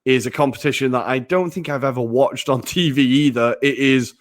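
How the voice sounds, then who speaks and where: A man co-hosting a casual podcast, self-deprecating and quick to laugh, swearing casually. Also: mid-range voice. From Britain. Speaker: podcast co-host.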